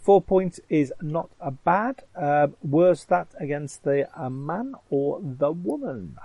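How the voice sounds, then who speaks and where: A man's voice: a little high, expressive, dark tone, husky, dry recording, rough recording. A man running a tabletop game as game master, hesitant and full of ums as he describes the combat. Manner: halting, full of ums and uhs.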